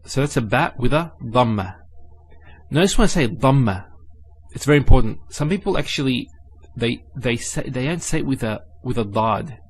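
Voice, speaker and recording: A male teacher with a husky, medium-pitched voice and lively intonation explains Arabic letters and vowels. He breaks each word down syllable by syllable, voicing them slowly and repeating them with patient, methodical care.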